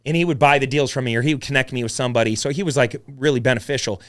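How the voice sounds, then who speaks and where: A man telling his story as a podcast guest, blunt and animated, swearing freely as he talks. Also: mid-range voice, racing. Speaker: podcast guest, real estate investor. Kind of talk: casual storytelling chat.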